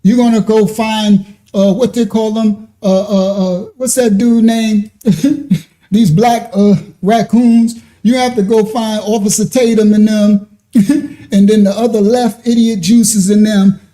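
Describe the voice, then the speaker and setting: A man's voice: high-pitched, steady tone, slow pace, warm tone. A man hosting a ministry channel, reacting to a clip and talking straight to commenters, laughing often.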